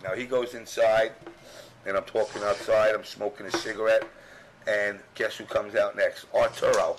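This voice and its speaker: A man's voice: lowish voice, fairly even intonation, normal speed, noisy background. A middle-aged man from New York telling a rambling, profane story in casual chat, full of fillers. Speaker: podcast guest, former strategy guide writer.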